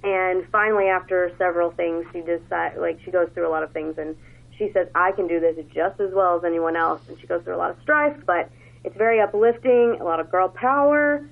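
Chatty woman with a gravelly low voice. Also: brisk. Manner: chatty and enthusiastic, with many fillers. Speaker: book recommender on a radio segment. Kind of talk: casual book talk. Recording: phone-like radio audio.

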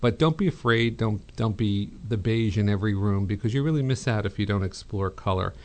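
A middle-aged man hosting a call-in home design advice show, chatty and relaxed, with many fillers and restarts. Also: on the low side, a little fast. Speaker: radio show host, interior designer.

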